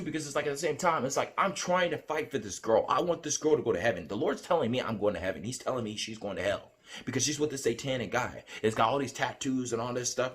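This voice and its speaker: A man telling about a dream in casual spoken storytelling, earnest and rambling, repeating himself. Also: fairly bright tone. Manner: hums a tune with rising pitch. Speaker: vlogger recounting a dream.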